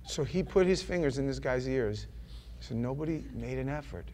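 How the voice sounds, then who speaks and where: A man preaching a sermon in a loose, conversational way, rambling with restarts and often dropping to a quiet murmur. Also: mid-range voice, lively intonation, normal speed, a little hiss or hum.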